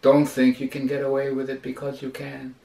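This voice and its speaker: A rabbi lecturing, telling a story with dramatic emphasis. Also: male voice, mid-range voice, monotone, brisk, creaky, dark tone. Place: lecture hall. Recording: roomy lecture hall, distant mic.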